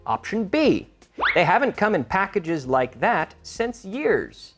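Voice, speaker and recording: A man hosting a quiz show and teaching English, energetic and teacherly, stressing intonation. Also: high voice, takes it slowly, soft background music.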